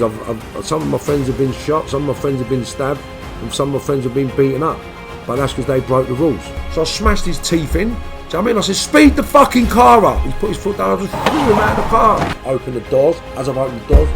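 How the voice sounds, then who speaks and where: A middle-aged man, a guest in an interview, telling rough stories with heavy swearing and acting out quotes loudly. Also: mid-range voice. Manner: animated, swears heavily, acts out quotes in a raised voice. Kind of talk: storytelling in an interview.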